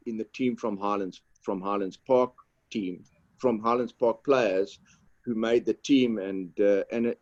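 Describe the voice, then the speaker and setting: A man's voice: fairly low pitch, a little mellow, dry recording, muffled recording. A man on a video call, a former footballer on an online panel, telling a long story and repeating words as he goes.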